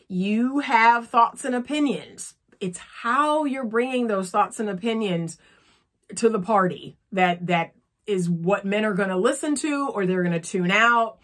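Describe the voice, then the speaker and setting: A woman's voice: mid-range voice, fairly bright tone. A woman speaking as a relationship coach, earnest and instructive. She talks straight to her viewers and checks in with them often. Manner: earnest, coaching, frequent "okay?" check-ins. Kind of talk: instructional talk to camera.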